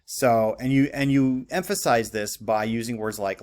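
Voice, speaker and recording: A man's voice: lowish voice, takes it slowly, hardly any pauses, a little mellow, smooth. A man teaching writing in a conversational lecture, with many fillers and frequent "okay?" checks. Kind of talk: recorded classroom lecture.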